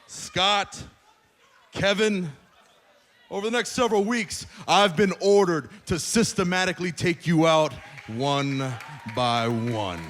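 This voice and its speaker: A man's voice: high-pitched, slow, fairly bright tone, soft background music. A man giving a menacing, taunting speech to rivals in a wrestling ring. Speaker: wrestler cutting a promo.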